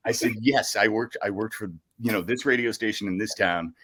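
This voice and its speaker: A middle-aged man, a radio host, telling stories in a casual podcast chat, animated and laughing often as he acts out other people's lines. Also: fairly low pitch, brisk, breathy edge. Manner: animated storyteller, bursts of laughter, acts out quoted voices.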